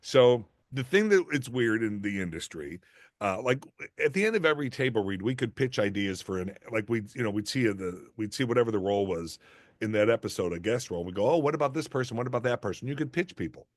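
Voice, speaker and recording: Animated middle-aged man telling stories. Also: fast, no room sound, clean studio sound. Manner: animated, acts out quoted voices with big pitch jumps. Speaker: actor and guest. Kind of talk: casual interview storytelling.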